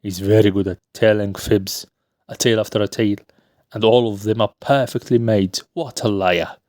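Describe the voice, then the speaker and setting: A man's voice: a little high, normal speed, smooth, dry recording, clean studio sound, natural voice. A man voicing an anxious, scheming older male town governor, as he reads a play aloud. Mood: muttering. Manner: muttered asides, fawning when aloud.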